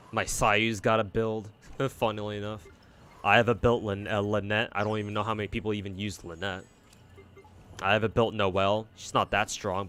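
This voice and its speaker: A man's voice: on the low side, fairly bright tone, a little hiss or hum. A man streaming a game, giving casual commentary and rambling with lots of swearing and restarts. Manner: rambling, profane, frequent fillers and restarts.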